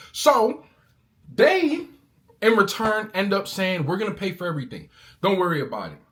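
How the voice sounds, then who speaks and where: A man's voice: high voice, fairly bright tone. A man in a casual vlog, ranting angrily and talking in slang, calling his listener bro. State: angry. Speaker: car owner vlogger.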